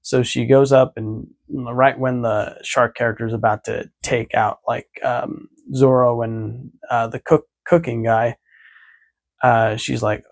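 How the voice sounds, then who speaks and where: Male vlogger, casual recap, rambling, mid pitch. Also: flat delivery, a little slow, gravelly. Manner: rambling, many fillers.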